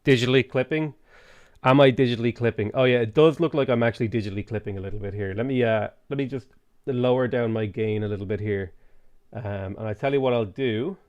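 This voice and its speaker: Smooth-voiced male game streamer. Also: medium pitch, fast talker, no echo, highs cut off. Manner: thinking aloud, relaxed, with frequent ums. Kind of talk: live gameplay commentary.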